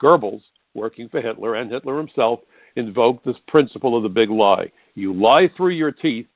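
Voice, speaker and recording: A man's voice: mid-range voice, animated, normal speed, no echo. A man hosting a talk radio show, delivering an indignant, emphatic monologue and repeating points for stress. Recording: tinny phone-like radio broadcast, dry.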